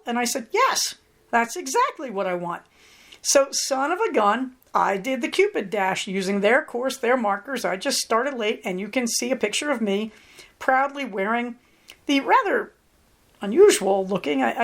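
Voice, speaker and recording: A middle-aged woman hosting her own podcast, chatting through a personal story and acting out the lines people said. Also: on the high side. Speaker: podcast host. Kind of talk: casual personal monologue.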